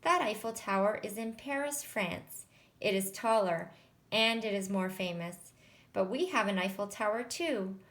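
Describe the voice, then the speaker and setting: A friendly young schoolboy from a picture book, patiently setting things straight in a calm, matter-of-fact way, as a woman reads him aloud. He speaks slowly and evenly. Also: medium pitch. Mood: explaining.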